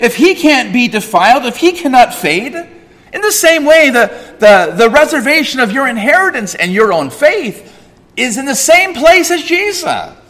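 A man preaching a sermon, swinging from loud emphatic peaks to soft quiet asides. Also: very high voice, long reverb tail. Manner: frequent fillers and restarts in asides. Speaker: pastor.

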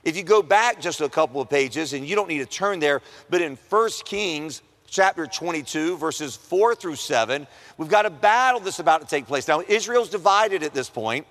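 Male preacher, casual and humorous, slightly high voice, long hall reverb. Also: animated, normal speed, few pauses, a bit bright. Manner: conversational and humorous, acts out quoted voices. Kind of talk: sermon. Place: chapel or auditorium at a Christian school.

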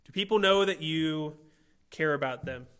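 Male preacher, sermon delivery, earnest and emphatic, bright voice, slightly high pitch. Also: smooth. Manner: earnest, rhetorical questions, slow emphatic phrasing.

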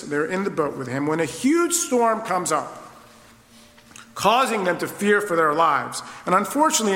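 Male pastor, high and bright, expository sermon in a reverberant hall. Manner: expository preaching, rhetorical questions.

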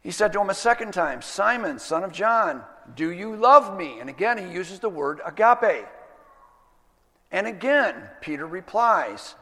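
High-voiced man preaching in a hall. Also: big pitch swings, pushed and bright. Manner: earnest, emphatic teaching with slowed stresses. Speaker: pastor. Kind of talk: sermon.

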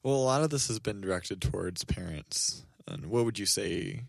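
A man's voice: sits low, lively intonation, moderate pace, gravelly, no echo, studio quality. A man co-hosting a casual podcast conversation, agreeable and often chiming in with short affirmations. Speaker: podcast co-host.

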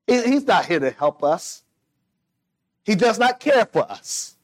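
A man preaching a sermon, reading scripture slowly and building to emphatic, repetitive fervor. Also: high-pitched, sing-song, darkish tone.

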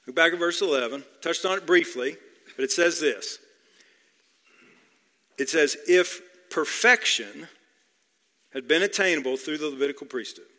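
A man's voice: fairly high pitch, normal speed, pauses often, sharp tone. A man preaching an expository sermon, emphatic, repeating key phrases and asking questions of his listeners. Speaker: pastor. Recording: long hall reverb.

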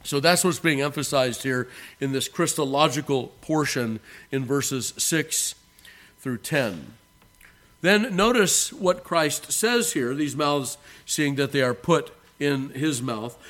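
A man preaches to his church congregation, whom he calls beloved. He leans on key words by slowing down, and his earnest, emphatic delivery alternates between hushed low remarks and lifted phrases.

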